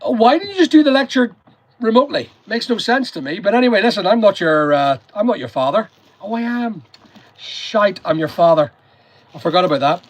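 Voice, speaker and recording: A man's voice: high voice, sing-song, brisk. A man from Northern Ireland with a Northern Irish accent, hosting a casual live chat, rambling and greeting viewers by name. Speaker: live stream host.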